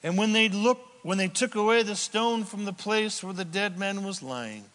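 A man preaching a sermon with dramatic delivery, swinging from loud outbursts to hushed near-whispers. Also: high voice, moderate pace, long reverb tail. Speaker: pastor.

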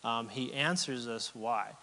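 A man's voice: mid-range voice, sharp tone, a little hiss or hum. Earnest man preaching in an echoey hall. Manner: earnest, halting with repeated starts, gets choked up. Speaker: pastor. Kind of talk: sermon.

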